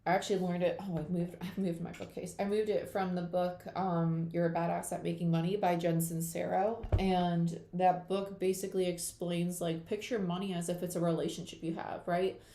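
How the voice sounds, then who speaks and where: A woman's voice: lowish voice, little pitch movement, normal speed, few pauses, dark tone, echoey room. A young woman chatting casually on a livestream, rambling with lots of fillers as she talks to viewers. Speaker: tarot reader hosting a live chat. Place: home room at her computer.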